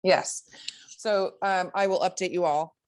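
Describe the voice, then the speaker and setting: A woman co-hosting a podcast, telling a story in casual chat, animated and swearing, often breaking into laughs. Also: lowish voice, a little slow. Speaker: podcast co-host.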